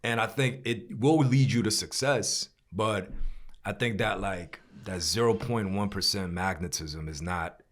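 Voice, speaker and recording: A man's voice: fairly low pitch, unhurried. A man hosting a casual podcast chat, laid-back and slangy, laughing easily.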